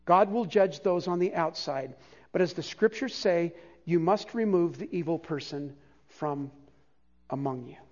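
High-voiced older man preaching a sermon. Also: unhurried. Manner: animated, conversational preaching with self-deprecating humor. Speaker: pastor. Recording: dull, lo-fi church sermon recording.

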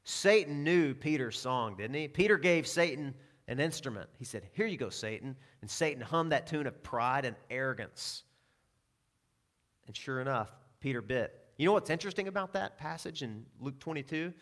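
A man preaching in a relaxed, conversational way, moving between personal stories and scripture. He throws in self-deprecating asides and quiets down when he quotes scripture. His pitch sits in an ordinary middle range. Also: moderate pace. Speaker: pastor. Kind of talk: sermon.

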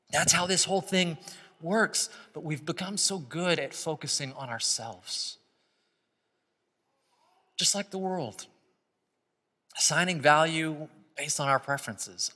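A man preaching a sermon as pastor of his church, moving from quiet reflection to loud, impassioned stretches. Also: on the high side, animated, measured pace, pauses often. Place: church sanctuary. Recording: long hall reverb.

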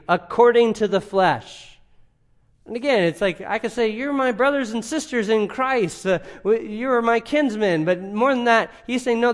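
A man preaching an expository sermon, asking rhetorical questions and swinging between loud emphasis and quiet asides. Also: fairly high pitch. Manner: emphatic, rising and dropping in volume, rhetorical questions. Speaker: pastor.

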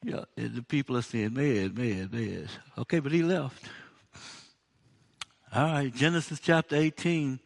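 A man's voice: fairly high pitch, normal speed, vocal fry, pauses often. A man preaching a sermon in a conversational, humorous way, acting out the dialogue of the story.

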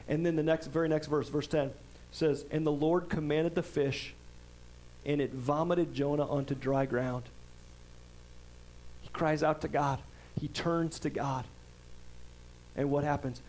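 A male pastor speaks in a relaxed, chatty way during his sermon, tossing in "right?" to the congregation and giving scripture readings extra weight. His voice sits a bit higher than most men's, a little mellow with fairly even intonation, and the audio is poor.

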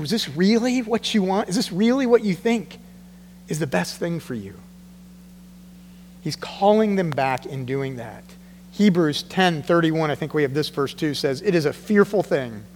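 A man preaching a sermon in a church, animated, acting out the voices he quotes. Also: a little high, in a large hall, a little hiss or hum. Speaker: pastor.

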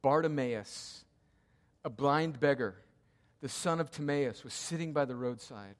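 A man's voice: mid-range voice, measured pace. Man preaching in a reverberant hall. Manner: emphatic, repeats key lines, swings between loud cries and hushed tones. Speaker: pastor. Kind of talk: sermon.

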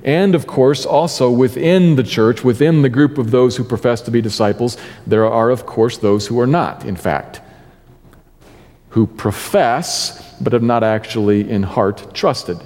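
Mellow-voiced preacher in a reverberant hall. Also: male voice, mid-range voice. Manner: deliberate, stresses key words, slows for scripture. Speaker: pastor. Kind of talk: sermon.

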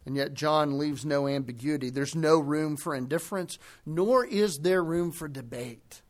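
A man preaching a sermon, emphatic, slowing down to press home key phrases. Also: on the high side.

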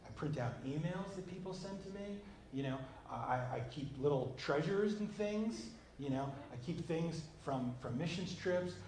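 A man preaching a conversational sermon, emphatic, swinging between loud and hushed passages. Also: a little high, expressive, normal speed. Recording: roomy echo with faint background noise.

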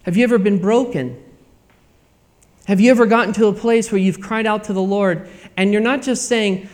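A male pastor preaching a sermon, earnest and repetitive, swinging between quiet passages and loud emphatic ones. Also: high voice, normal speed.

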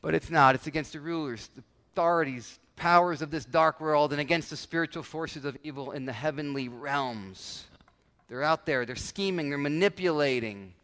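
High-voiced preacher in a reverberant hall. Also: male voice, normal speed. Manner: animated preaching, acts out everyday voices. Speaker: pastor. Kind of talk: sermon. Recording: long church hall reverb.

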